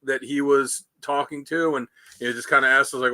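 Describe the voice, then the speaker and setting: On a casual podcast, a male co-host with a medium pitch tells meandering stories and voices the quotes himself. His pace is moderate, his intonation fairly level, and his tone sharp in a dry recording.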